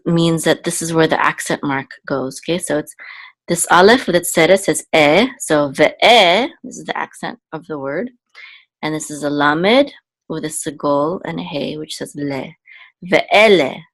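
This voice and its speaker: Slow, low-voiced woman teaching Hebrew reading. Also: fairly bright tone, no echo. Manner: patient, repeats words slowly, frequent okays and ums. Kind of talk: slow spoken lesson, spelling out letters and vowels.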